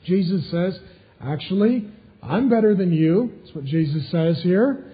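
A man preaching a sermon as pastor, emphatic and rising to loud, intense climaxes. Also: high-pitched, animated, measured pace, muffled recording.

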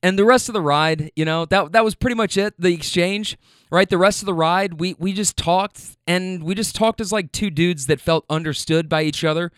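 A man who drives for a rideshare service, telling a story in a casual, animated way, full of fillers and swearing. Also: high voice, normal speed, smooth, dry recording, clean studio sound.

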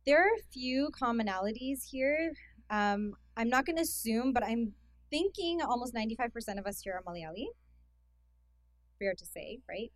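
A woman's voice: on the high side, normal speed, no room sound. A young woman with a Canadian accent giving a casual talk as a guest speaker, chatty and self-deprecating with plenty of fillers. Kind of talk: casual talk to a youth conference. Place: hall with an audience.

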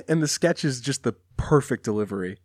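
A man's voice: mid-range voice, expressive, moderate pace, no echo, studio quality. A man co-hosting a podcast, chatting casually and enthusiastically about songs. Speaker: podcast co-host. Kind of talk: casual chat.

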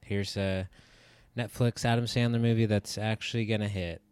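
A man's voice: fairly low pitch, steady tone, normal speed, darkish tone, clean tone, dry recording. A man giving his take in a casual movie review chat, hesitant and full of ums and likes. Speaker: podcast co-host.

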